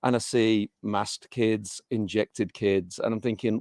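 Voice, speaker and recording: Here the same kind of speaker, a middle-aged teacher from England, talks casually in an interview, full of fillers and restarts. His voice sits on the low side with fairly even intonation, slow and a little mellow, barely pausing, in studio quality without room sound.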